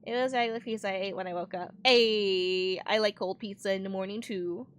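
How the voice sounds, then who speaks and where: A woman's voice: mid-range voice, fairly even intonation, a little fast. Rambling young woman streamer, laughing often. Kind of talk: casual chat while livestreaming a game.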